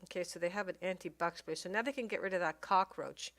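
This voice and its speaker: A woman giving casual gameplay commentary, reading game text aloud and thinking out loud with many pauses and fillers. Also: fairly low pitch. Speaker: let's play commentator.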